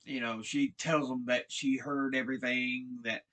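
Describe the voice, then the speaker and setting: A man casually retelling a TV episode, halting and repeating words as he restarts his sentences. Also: mid-range voice, fairly even intonation, fairly bright tone. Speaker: show recap vlogger.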